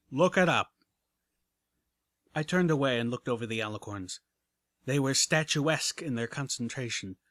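A man's voice: mid-range voice, fairly bright tone, no room sound, studio quality. A man reading a first-person action story aloud with dramatic narration. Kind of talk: audiobook reading of fan fiction.

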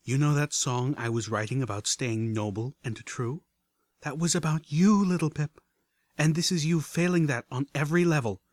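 A man puts on an earnest young mare pony healer, her voice pitched well above his own and pushed loud with reproach. She pleads from the heart in a storybook reading, held in a dry, close sound. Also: moderate pace, no room sound, close to an everyday voice. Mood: reproachful. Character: grieving, earnest female unicorn pony healer.

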